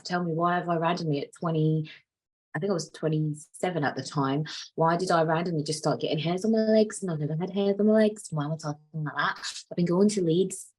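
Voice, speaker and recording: Girl in her late 20s rambling on her own podcast, kinda breathy low voice, swears loads. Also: darkish tone, rough recording. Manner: candid, rambling, swears freely. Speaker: podcast host. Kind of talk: casual solo podcast chat.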